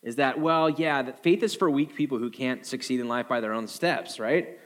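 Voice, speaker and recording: A man preaching a sermon as a pastor, animated and jokey, acting out quoted voices in a higher pitch. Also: moderate pace.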